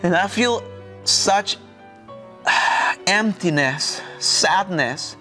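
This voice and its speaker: A man's voice: a little high, a bit bright, faint music behind. Earnest man with a Mexican Spanish accent. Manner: earnest, halting non-native English with repeated restarts. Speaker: pastor. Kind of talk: personal testimony in an interview.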